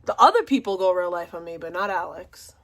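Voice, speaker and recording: A woman's voice: on the low side, expressive, a little fast, fairly bright tone. A woman streamer mocking a caller in casual livestream chat, laughing and using sassy slang.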